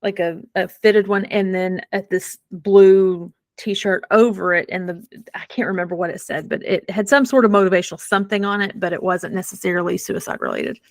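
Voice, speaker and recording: A woman's voice: mid-range voice, moderate pace, no echo, clean studio sound. Chatty woman host telling a story. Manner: chatty, animated, self-deprecating humor. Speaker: podcast host. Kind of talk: casual storytelling.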